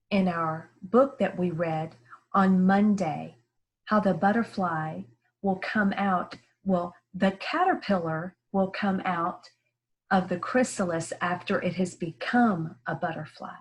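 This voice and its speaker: Slow, careful woman teaching young readers. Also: medium pitch. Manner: slow, careful, sounding words out clearly. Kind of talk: early-grade reading lesson.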